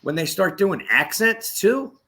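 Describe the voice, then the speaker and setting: A man's voice: high voice, sing-song, a little slow, pushed and bright. A man hosting a podcast in loose, profane casual chat, laughing often. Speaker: podcast host.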